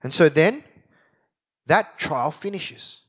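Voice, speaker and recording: A man's voice: on the high side, lively intonation, slow pace, husky. A man teaching a Bible study in sermon style, explaining with emphasis and reading scripture aloud.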